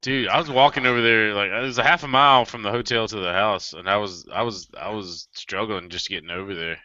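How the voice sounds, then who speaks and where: A man's voice: fairly low pitch, fairly quick, bright, forceful tone, no echo. A man co-hosting a podcast, chatting loosely and joking with friends, with plenty of swearing. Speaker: podcast co-host. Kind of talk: casual chat. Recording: muffled lo-fi podcast mic.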